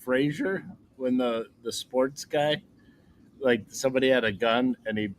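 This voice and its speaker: A man's voice: medium pitch, measured pace, slight background noise. Male co-host, casual comedy chat, medium voice, chatty and digressive. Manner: rambling, laughs often.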